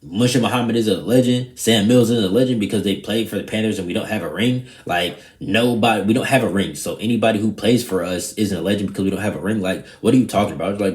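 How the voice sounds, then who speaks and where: A young man, casually vlogging in a loose, rambling, profane way that turns animated when he retells a story. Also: lowish voice, quick pace, hardly any pauses, reverberant. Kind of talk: casual vlog chat.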